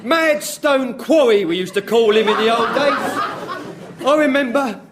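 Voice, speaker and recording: A chirpy trench corporal. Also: male voice, extremely high pitch, unhurried, crowd noise. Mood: chatty. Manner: chatty, anecdotal, music-hall storytelling. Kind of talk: 1980s radio sketch comedy. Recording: live audience laughing, noisy.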